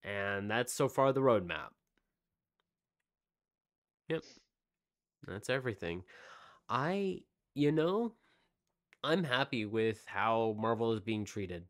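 A man co-hosting a casual podcast chat rambles through release dates and snack news, full of fillers. His voice is fairly low and sing-song, moving at a slow pace with long pauses.

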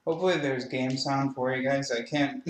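Man hosting a game stream, casual chatty commentary, mid-pitched voice, echoey webcam audio. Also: steady tone, normal speed, slight background noise. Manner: chatty, laughs often, apologetic asides. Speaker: gaming channel host. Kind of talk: casual let's-play commentary. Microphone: webcam microphone. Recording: roomy webcam mic audio.

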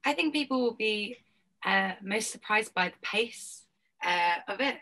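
A woman's voice: mid-range voice, lively intonation, unhurried, bright, forceful tone, poor audio. A woman being interviewed as an actress over a video call, talking casually with many fillers. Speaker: actress guest. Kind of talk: interview answers.

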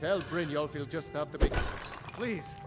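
A man's voice: a little high, measured pace, loud music behind the voice, natural voice. An actor voicing a frightened male shopkeeper in a video game, whiny and pleading. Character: panicky male shopkeeper pleading for his wares.

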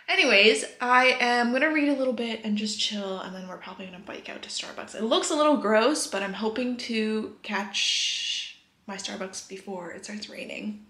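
A woman in her twenties chatting casually in a vlog, gushing and soft-spoken, sometimes dropping to a whisper. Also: on the high side, moderate pace. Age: 20s. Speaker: vlogger. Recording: echoey room with faint noise.

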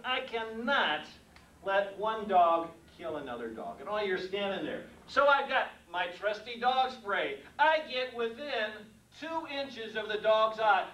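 Older male storyteller, high voice, animated comedy delivery, echoey room recorded from a distance. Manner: folksy, animated, acts out the scenes. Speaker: mailman telling stories. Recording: echoey room heard from a distance with faint noise.

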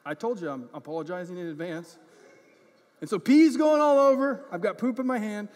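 A man's voice: sits high, a little fast. A male pastor preaching a conversational sermon with a personal story. He keeps checking in with the congregation and pokes fun at himself. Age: adult parent. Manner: conversational, often checking in with "right?" and "okay?"; self-deprecating, grows animated in funny moments. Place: church sanctuary. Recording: church hall reverb.

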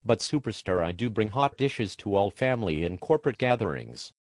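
A man's voice: on the low side, expressive, fairly quick, background noise. A man from Minnesota co-hosting a comedic sports show, with hammy, theatrical announcer banter. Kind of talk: jokey scripted banter.

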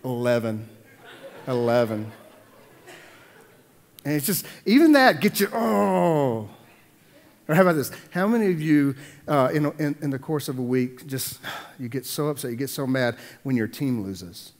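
A middle-aged man preaching a sermon as pastor, animated, often repeating words as he builds a point. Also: a little high, moderate pace. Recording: long hall reverb.

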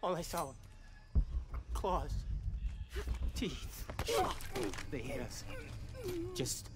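An actor playing a terrified, traumatized male survivor in a video game, speaking in halting, broken phrases. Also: on the high side, animated, heavy background noise. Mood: shaken.

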